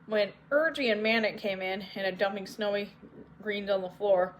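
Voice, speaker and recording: A woman narrating an audiobook in a measured, unhurried way. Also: mid-range voice, steady tone, a little hiss or hum, rough recording. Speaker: audiobook reader.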